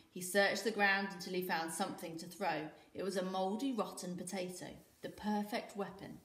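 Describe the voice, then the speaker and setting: A British woman teacher reading a children's story aloud in an expressive, lively way. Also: fairly low pitch, moderate pace, few pauses, reverberant. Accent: British English. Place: school room.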